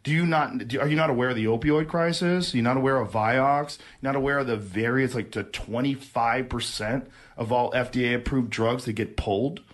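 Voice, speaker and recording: A man's voice: mid-range voice, fairly quick, few pauses. A man ranting on a casual podcast, profane, mocking and combative. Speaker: podcast host.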